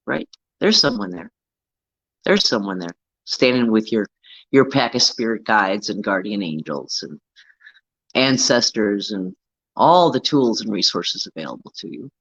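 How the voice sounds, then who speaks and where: A man's voice: medium pitch, a bit bright, no echo, highs cut off. A man hosting a casual self-help talk, coaching earnestly and often checking in with "right?". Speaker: host.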